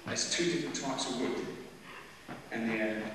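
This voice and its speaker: A man's voice: mid-range voice, measured pace. A middle-aged Englishman chatting in a rambling, jokey way to a live audience at a drum clinic. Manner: rambling, jokey, animated storytelling. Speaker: drummer giving a clinic. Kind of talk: chatty stage talk to an audience. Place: large hall with live audience. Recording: echoey hall recording from far off, crowd noise.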